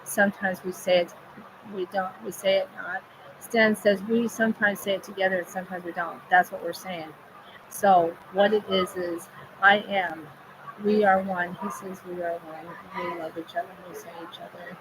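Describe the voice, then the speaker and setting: A woman speaks as a medium in a low, level voice that barely rises or falls. Her phrases circle back on themselves in a chant-like rhythm, and a steady hiss of background noise sits under her words. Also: normal speed. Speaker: spirit medium relaying messages.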